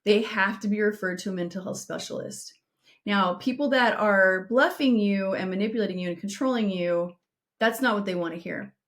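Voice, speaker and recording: Earnest middle-aged woman on a podcast, mid-pitched voice, talking straight and slowing down for emphasis. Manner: earnest, direct, slows down for emphasis. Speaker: podcast co-host. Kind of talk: advice podcast with personal storytelling.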